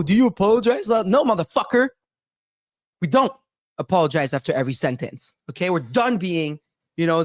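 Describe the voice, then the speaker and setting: A man from Canada hosts a casual crypto chat over a video call. His voice sits a little high and the sound is close and dry. He talks loosely, jokes constantly and swears freely. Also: no echo. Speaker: podcast host.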